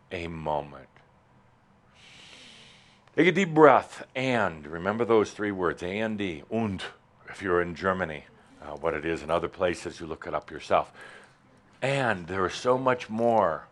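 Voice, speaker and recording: A man giving a spiritual talk to a live audience in a hall, playful and provocative, with big sudden leaps in pitch and loudness. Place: warm hall with doors, in front of an audience.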